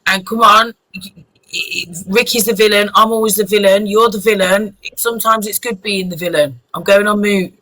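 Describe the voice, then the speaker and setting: Calming woman host, bright voice. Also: mid-range voice, no room sound, poor audio. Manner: calming, slow and placating. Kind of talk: casual chat, mediating.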